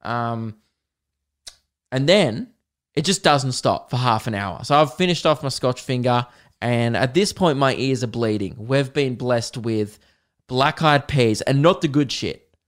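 An Australian man hosts a solo podcast in a loose, rambling way. He swears freely and breaks into bits of songs as he talks. His voice sits at an ordinary middle pitch. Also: expressive, measured pace. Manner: rambling, swears, sings song snippets. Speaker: podcast host. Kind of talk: casual solo podcast storytelling.

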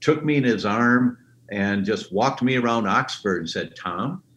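An animated man tells stories as a guest, his voice carrying in a roomy, echoing space. A faint hiss sits under the remote line. He jumps into high, excited voices whenever he quotes someone. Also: normal speed, dull audio. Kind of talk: enthusiastic storytelling in an interview.

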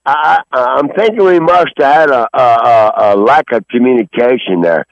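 A man rants in a rough, gravelly voice, rambling and cursing at every turn. He sniffles from standing in the cold outside. The call sounds muffled and dry. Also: medium pitch, moderate pace, no echo. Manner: rambling, angry, swearing constantly. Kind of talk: profane phone rant. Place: outdoors behind a grocery store in snow.

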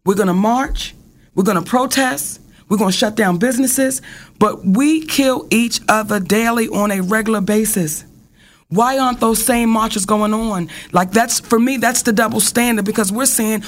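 A man's voice: sits high, moderate pace, a bit bright. A man in a casual discussion, asking pointed, emphatic questions.

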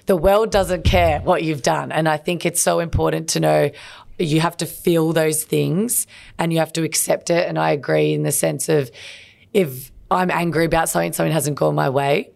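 A woman with a low, gravelly voice talks in a casual podcast chat. She is a basketball player and tells personal family stories openly and with feeling. Her talk is frank and heartfelt. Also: steady tone, moderate pace, a little mellow. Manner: candid, emotional, personal storytelling. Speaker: podcast co-host.

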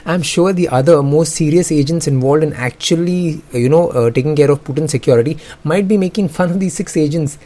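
A man's voice: on the high side, brisk, dark tone. A young man, hosting comedic news commentary in a sarcastic, joking way and laughing often. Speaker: host.

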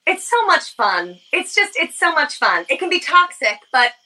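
A woman's voice: sits high, sing-song, moderate pace, sharp tone, poor audio. A young woman from the United States hosting a podcast, chatting casually with many fillers. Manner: casual, filler-heavy, lots of "like". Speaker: podcast host. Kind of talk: casual chat.

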